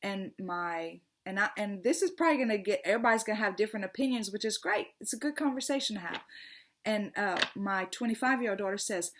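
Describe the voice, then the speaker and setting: A woman's voice: mid-range voice, fast talker. Middle-aged woman host, earnest vlog talk, voice rises when passionate, trips over words. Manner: earnest, gets passionate and loud, stumbles and repeats words. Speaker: tarot channel host. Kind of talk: casual vlog monologue.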